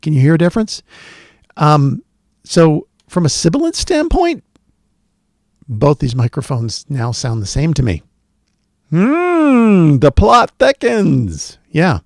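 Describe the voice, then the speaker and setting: A man's voice: fairly high pitch, very animated, unhurried, long pauses, darkish tone, dry recording. A man hosting a casual gear review video, chatting and thinking aloud with plenty of fillers into a studio dynamic microphone in a small home studio. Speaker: tech video host.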